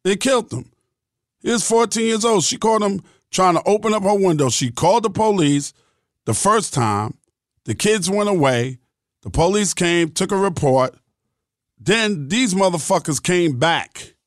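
A man's voice: high-pitched, animated, measured pace, dry recording, clean studio sound. Blunt, profane middle-aged man ranting. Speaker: podcast host. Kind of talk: podcast monologue.

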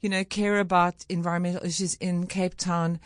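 A woman's voice: on the low side, little pitch movement, a little fast, dry recording, studio quality. A woman journalist speaking on a radio show, earnest and heartfelt. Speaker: environmental journalist. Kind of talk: casual on-air chat.

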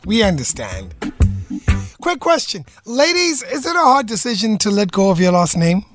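A man hosting a radio talk show, quizzing his co-hosts in an animated, playful way. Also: high voice, normal speed, over music. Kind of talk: casual radio chat.

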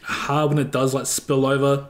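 A man's voice: mid-range voice, little pitch movement, normal speed. A young man with a New Zealand accent from West Auckland, chatting as a podcast guest in a laid-back, rambling way with lots of "like". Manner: laid-back, rambling, heavy use of filler "like". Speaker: guest streamer. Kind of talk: casual podcast chat.

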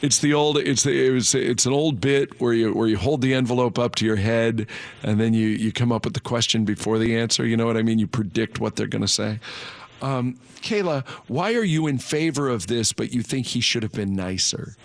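A man hosting a morning radio show, bantering in a jokey, animated way and acting out other people's voices. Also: mid-range voice, fairly quick, dry recording.

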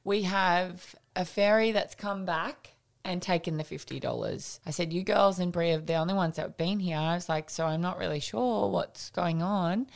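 A middle-aged woman, co-hosting a podcast and telling an animated anecdote in casual chat. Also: lowish voice, normal speed, creaky. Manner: animated anecdote telling, acts out quoted voices. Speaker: podcast co-host.

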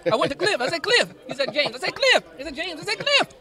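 A man doing a brash soul-singer showman, pitched way up and loud, with hyped, strutting stage patter. The voice jumps around, full of swagger and showmanship. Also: big pitch swings, fast, a crowd in the background.

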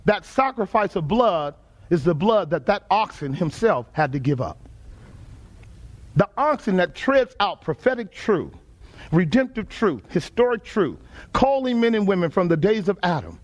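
A Texan man preaching to his congregation, his voice riding unusually high. He keeps checking in with the room and drawing answers back from the pews, folksy and emphatic throughout. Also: sing-song, normal speed. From Texas. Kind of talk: sermon. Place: church sanctuary before a congregation.

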